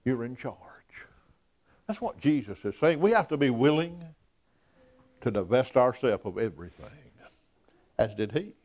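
A man preaching a sermon, telling stories in a folksy, emphatic way that rises to loud peaks. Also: medium pitch, expressive, moderate pace, pauses often.

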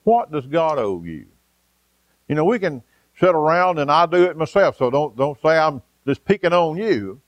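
A man preaching a folksy sermon, pausing often with "uh" and telling homespun stories. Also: fairly high pitch, sing-song, no echo. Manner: folksy, storytelling, frequent "uh" pauses. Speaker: pastor.

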